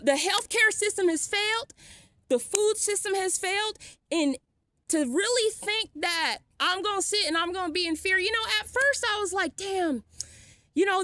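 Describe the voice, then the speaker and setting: A woman's voice: extremely high pitch, bright, forceful tone, no room sound, clean studio sound. A woman vlogging a defiant, sarcastic rant, blunt and swearing freely. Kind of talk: ranting vlog monologue.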